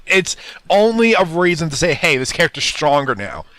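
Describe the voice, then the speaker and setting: A man's voice: a little high, very animated, normal speed, fairly bright tone, no room sound. A young man chatting casually on a podcast, ranting and restarting his sentences as he goes. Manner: ranting, repeats words and restarts a lot. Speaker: podcast co-host.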